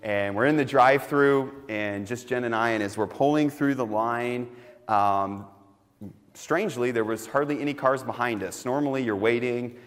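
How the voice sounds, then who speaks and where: A man preaching a sermon as pastor, telling a personal story in a conversational way and dropping to soft, quiet emphasis. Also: medium pitch, moderate pace. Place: church sanctuary. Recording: long hall reverb.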